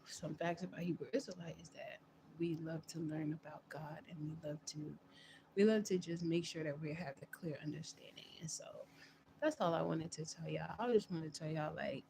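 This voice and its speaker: A woman's voice: low voice, fairly even intonation, normal speed, creaky, noisy background. A woman host on a livestream talking casually about her faith, earnest and repeating her phrases as she builds a point. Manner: earnest, repetitive, loops back on phrases. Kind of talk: casual religious monologue.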